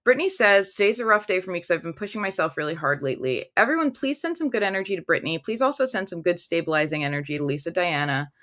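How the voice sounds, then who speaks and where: A woman's voice: on the low side, expressive, quick pace, few pauses, fairly bright tone. A woman hosting a casual tarot livestream from a room at home, talking into her phone, chatty and upbeat as she reads viewer comments aloud.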